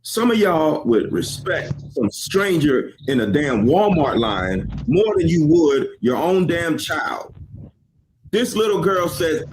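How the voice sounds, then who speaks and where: A man delivers earnest, lecturing commentary to viewers in an online video. His pitch swings widely from line to line as he acts out the quotes. Faint noise is heard behind him. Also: very animated, a little slow.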